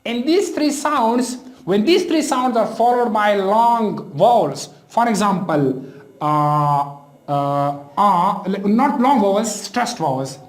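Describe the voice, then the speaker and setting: Man, Pakistani English accent, teaching a class, lively up-and-down pitch, echoey room. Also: slow. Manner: explaining patiently with many fillers and restarts. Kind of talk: classroom lecture.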